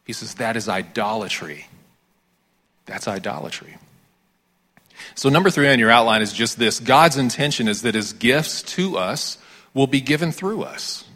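A man's voice: mid-range voice, lively intonation, moderate pace, bright, forceful tone. A man with an American accent, a pastor giving a conversational sermon with dramatic readings of scripture.

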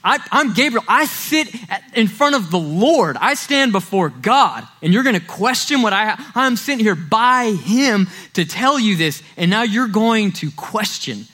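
A man's voice: sits high, sing-song, unhurried, few pauses, bright, forceful tone, full character voice. A man preaching, voicing the angel Gabriel as righteously indignant. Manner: proud, affronted.

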